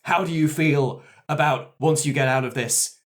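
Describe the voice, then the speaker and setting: A man in an improvised comedy role-play, playing a doctor in a quick, eager way. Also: on the high side. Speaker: player and producer.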